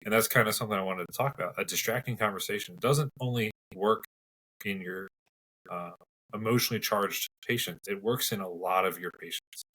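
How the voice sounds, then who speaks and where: Low-voiced male paramedic podcast host. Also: brisk, sharp tone, husky, low-quality recording. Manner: storytelling, conversational, practical. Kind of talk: casual podcast discussion.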